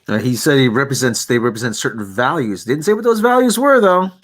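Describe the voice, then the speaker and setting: A man panelist with sarcastic, animated commentary in an online roundtable. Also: medium pitch, a little fast.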